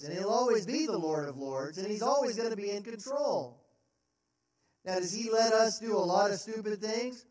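A man's voice: sits high, lively intonation, moderate pace, a little mellow. A man preaching a sermon as pastor, earnest and emphatic, posing rhetorical questions in a church sanctuary. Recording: roomy sound from a distant mic.

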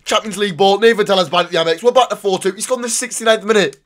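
Excitable young gamer, high voice. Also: male voice, racing. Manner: excitable, swears, sudden shouts and mutters. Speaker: gaming YouTuber. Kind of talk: live gameplay commentary.

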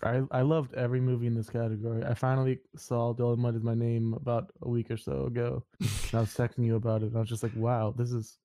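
A man in a casual film chat who talks fast. His voice is mellow and flat, with little rise and fall. He sounds enthusiastic and mostly answers in short, agreeing lines. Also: mid-range voice. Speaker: film podcast co-host.

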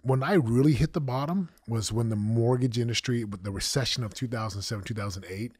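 A man in his forties tells his life story in an emotional, animated way, acting out what people said. His voice is husky and a little breathy. The sound is dry and close to the mic, with no room echo. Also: medium pitch, a little fast. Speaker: guest, former football champion and coach. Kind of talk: candid storytelling interview.

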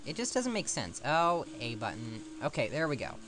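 A man narrates a retro game run in a lively, up-and-down voice, rambling between jokes at his own expense. Faint guitar music plays softly behind him. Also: medium pitch, normal speed. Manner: rambling, self-mocking asides. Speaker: let's play commentator. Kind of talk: casual gameplay commentary.

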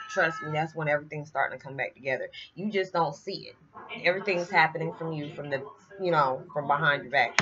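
A woman in her forties talking casually and heartfelt in a rambling spiritual vlog, full of fillers. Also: deep voice. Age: 40s. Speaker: vlogger. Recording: dull lo-fi with loud music behind.

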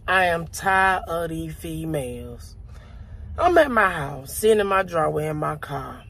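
A man telling a comic story in an animated, profane way, with sound effects and asides. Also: fairly high pitch, measured pace, breathy edge. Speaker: comedian.

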